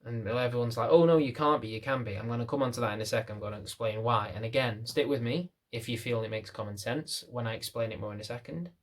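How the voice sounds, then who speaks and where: A man's voice: mid-range voice, steady tone, fast talker, hardly any pauses. Blunt, rambling man. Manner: blunt, rambling, self-mocking. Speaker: dog trainer. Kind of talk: casual talk to camera.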